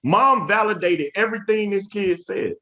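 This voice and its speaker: An emphatic education speaker in his thirties gives a storytelling webinar talk to teachers in a slightly high, sharp voice at normal speed. Like a preacher, he repeats key phrases and calls out to his listeners.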